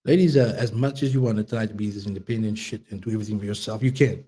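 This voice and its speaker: A man's voice: on the low side, rapid-fire, warm tone, slightly rough. A man, talking in a rambling, profane casual monologue full of restarts. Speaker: vlogger.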